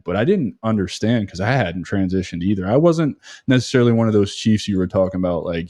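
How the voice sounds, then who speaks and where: A man's voice: lowish voice, moderate pace, mellow, no room sound, studio quality. A male podcast host talking emphatically in a conversational interview, often repeating his words while he thinks.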